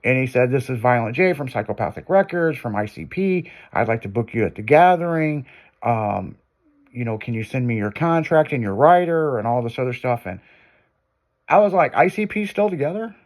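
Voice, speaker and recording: A man casually telling a long anecdote, profane and animated, acting out what people said. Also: medium pitch, moderate pace. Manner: profane, animated, acts out quotes. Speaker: guest storyteller. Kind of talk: casual storytelling.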